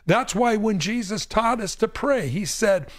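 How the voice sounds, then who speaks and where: A man's voice: high voice, lively intonation, a little slow, dry recording, studio quality. A man hosting a call-in Bible show as a pastor, speaking emphatically and repeating words to drive a point home. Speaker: pastor and radio show host. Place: radio studio.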